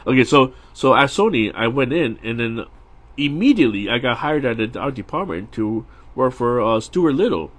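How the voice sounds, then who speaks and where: A man's voice: medium pitch, expressive, normal speed. A middle-aged man, a storyboard artist, chatting casually and rambling while he draws on a live stream, with frequent restarts and laughs.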